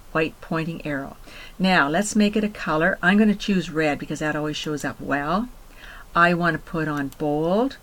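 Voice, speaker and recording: A woman teacher giving patient step-by-step instructions in a screen-recorded software tutorial, repeating key points. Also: sits low, low-quality recording. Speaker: computer teacher.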